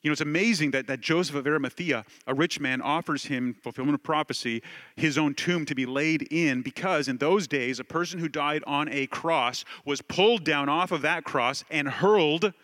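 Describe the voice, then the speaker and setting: Conversational preaching man, fairly high voice. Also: moderate pace, a bit bright. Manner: conversational preaching, acts out voices, rhetorical questions. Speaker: pastor. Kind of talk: sermon.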